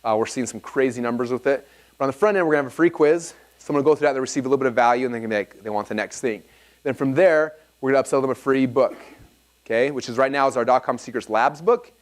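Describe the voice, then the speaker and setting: A man in his thirties giving an energetic seminar talk, telling anecdotes and acting out both sides of the dialogue. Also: medium pitch. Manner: fast, animated storytelling, acts out dialogue. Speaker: speaker at a live seminar.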